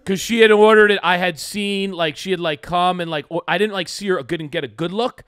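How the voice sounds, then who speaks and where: A man's voice: high voice, steady tone, fairly quick, a bit bright, smooth, no echo, studio quality. A man co-hosting a comedy podcast, telling a rambling story full of fillers and acting out the lines he quotes.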